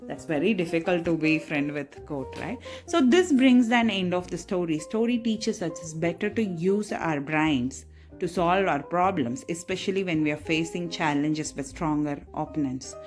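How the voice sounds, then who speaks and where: A woman's voice: lowish voice, expressive, normal speed, faint music behind. A woman narrating a moral story for children in a chatty way, often checking in with her listeners. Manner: chatty, asks listeners "right?".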